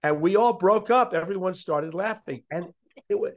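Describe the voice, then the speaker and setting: A man who grew up in Miami Beach, a veteran sports interviewer telling animated anecdotes in a casual talk. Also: high-pitched, moderate pace. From Miami Beach, USA. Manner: animated anecdotes with quoted voices. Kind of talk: casual podcast storytelling.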